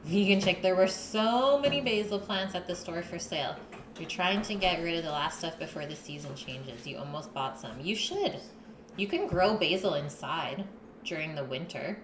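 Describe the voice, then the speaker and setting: A woman's voice: on the low side, moderate pace, roomy sound, noisy background. A woman hosting a live cooking stream, chatting casually with her viewers and her partner while she cooks. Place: home kitchen.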